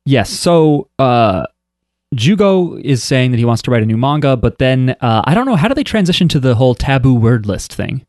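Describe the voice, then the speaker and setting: A man's voice: medium pitch, sing-song, normal speed, a little mellow, no room sound. Chatty man on a dry mic. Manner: rambling and chatty, with many "um" and "like" fillers. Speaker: podcast co-host. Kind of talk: casual chat.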